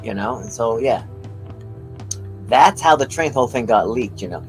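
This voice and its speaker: A man's voice: medium pitch, normal speed, long pauses, faint music behind, low-quality recording. A man co-hosting a casual livestream, telling a long story full of fillers and asides. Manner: rambling, animated storytelling with lots of fillers. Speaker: co-host.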